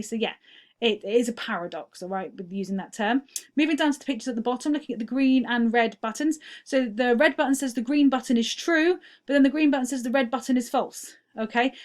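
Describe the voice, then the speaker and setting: In a recorded feedback lesson, a woman teacher with a slightly high, somewhat mellow voice goes through quiz answers step by step, often checking in with "okay?".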